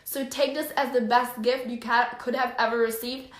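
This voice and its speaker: A woman hosting a motivational live stream who reads viewers' comments. She speaks in a gushing, effusive way and is quick to tears. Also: a little high, steady tone, roomy sound. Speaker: life coach host.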